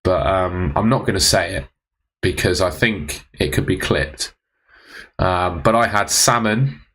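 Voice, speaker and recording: A man's voice: low voice, measured pace, a bit bright, husky. A young man casually answering viewers' fantasy football questions on a live stream, laid-back and teasing.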